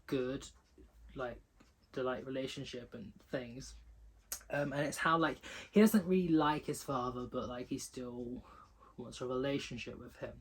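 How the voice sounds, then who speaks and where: A man's voice: medium pitch, a little hiss or hum, low-quality recording. A man giving casual book reviews, gushing and filling his talk with lots of "like". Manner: gushing, talks with lots of "like" fillers.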